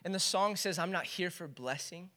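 A man's voice: high-pitched, moderate pace, pushed and bright. A man preaching a sermon as pastor, earnest and building into fervent exhortation.

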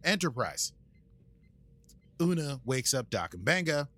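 Slow and pushed, with a bright edge and big swings in his mid-range pitch, an American podcaster recaps an episode. His casual delivery is rambling and playful, complete with sound effects.

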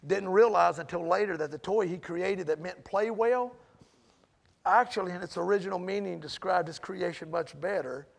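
A man preaching a sermon in a conversational way, asking the congregation questions and building to loud, emphatic peaks. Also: high-pitched, normal speed, vocal fry.

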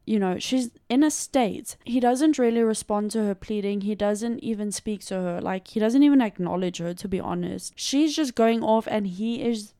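A woman's voice: medium pitch, normal speed, few pauses, mellow, clean tone, no room sound, clean studio sound. A woman co-hosting a podcast, telling a true crime case in a loose, chatty way, full of "like" and casual swearing. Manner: loose and conversational, heavy use of "like" and swearing. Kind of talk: casual storytelling chat.

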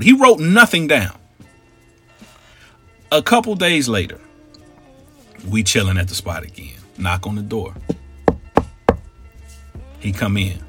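Bright, husky man telling a story. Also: on the low side, takes it slowly, long pauses, no room sound, faint music behind. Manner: animated, acts out every character in his story. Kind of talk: comic storytelling.

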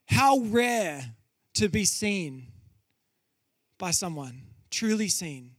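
High-voiced animated male preacher. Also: very slow, pauses often, dry recording, clean studio sound. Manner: animated storytelling, acts out quotes with laughs; drops low and quiet for solemn points. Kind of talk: sermon.

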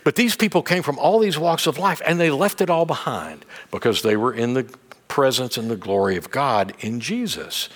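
A man's voice: medium pitch, moderate pace. Middle-aged pastor guy preaching, chatty and joking, voice jumps all over. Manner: conversational, animated preaching with humor and restarts. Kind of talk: sermon.

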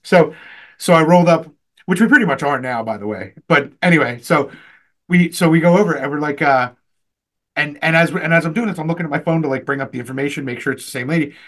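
A man co-hosting a podcast, telling convention stories in a loose, animated way, swearing and jumping up loud when he quotes himself. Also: on the high side, fast. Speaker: podcast co-host. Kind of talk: casual storytelling chat.

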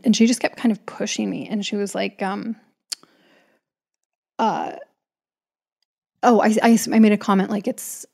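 A woman in her thirties tells a personal story in a loose, chatty way, doubling back and adding asides as she goes. Her voice has a gravelly, fry-laden texture at a middling pitch. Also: darkish tone. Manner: chatty, frequent restarts and asides.

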